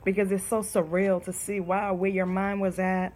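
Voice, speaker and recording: A woman's voice: medium pitch, level tone, normal speed, a little mellow, a little hiss or hum. A young woman, chatting on her vlog and reading her own poems aloud in a heartfelt, emotional way, calling her viewers y'all. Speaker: vlogger.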